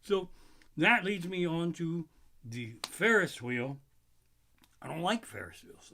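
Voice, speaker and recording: A middle-aged man doing loose, profane stand-up, rambling and animated as he tells stories. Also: medium pitch. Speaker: stand-up comedian. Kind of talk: solo live-streamed stand-up.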